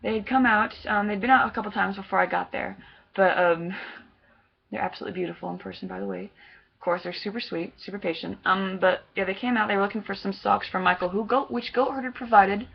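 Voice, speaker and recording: Gushing young woman with gravelly voice, lo-fi. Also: mid-range voice, fast talker. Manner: excited, rambling, gushing. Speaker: fan vlogger. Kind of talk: casual chat recounting a concert meet-up.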